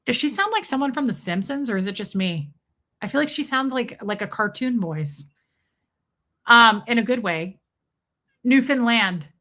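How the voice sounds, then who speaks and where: A woman's voice: fairly high pitch, normal speed. A woman hosting a livestream and reading viewer messages in casual, playful chat, swearing freely and slipping into mock voices. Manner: playful and animated, breaks into bits of song and mock voices. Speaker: livestream host reading viewer super chats.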